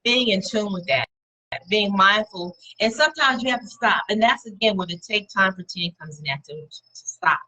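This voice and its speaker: A woman with a bright, forward voice talks straight to her viewers in a casual motivational chat. She encourages them warmly and stacks repeated words for emphasis. Her pitch sits in an ordinary middle range for a woman. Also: animated, normal speed, low-quality recording. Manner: encouraging, repetitive emphasis, conversational; speaks directly to viewers and names them.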